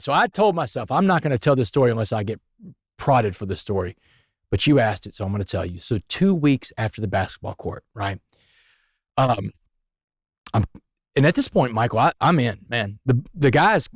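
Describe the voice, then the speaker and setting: A man with a drawl tells a story at a rapid clip, leaning on words for emphasis. His voice sits in an ordinary male range. The sound is close and dry. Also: medium pitch, big pitch swings, dry recording. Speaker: podcast guest. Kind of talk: storytelling interview.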